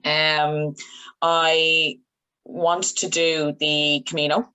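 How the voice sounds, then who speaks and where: Young woman with a low voice, chatty guest, telling stories quick. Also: smooth. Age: young adult. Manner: lively storyteller, quick asides. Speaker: radio journalist, guest. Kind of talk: casual interview chat.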